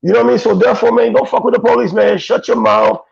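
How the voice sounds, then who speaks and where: A man's voice: extremely high pitch, fairly even intonation, very fast, gravelly, darkish tone. A male guest in casual chat, telling stories in blunt, profane street talk. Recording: dull, dry lo-fi sound.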